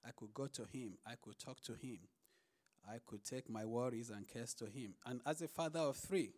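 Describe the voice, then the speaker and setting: A young man, a father of three, sharing a personal testimony in church in an earnest storytelling way. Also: moderate pace. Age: young adult. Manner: earnest storytelling that bursts into high, loud acted quotes.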